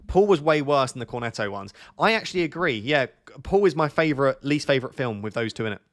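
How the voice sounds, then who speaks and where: Chatty young streamer, mid-pitched. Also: male voice, animated, quick pace, a bit bright. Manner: chatty, jokey, thinks aloud and restarts. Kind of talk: live stream chat with viewers.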